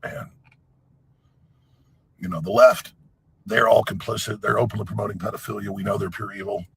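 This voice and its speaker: A man voicing a mocking caricature of a gravelly, conspiracy-minded male partisan who mutters a rapid rant. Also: fairly low pitch, fairly even intonation, a little hiss or hum, voice pushed down, poor audio. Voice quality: gravelly, husky.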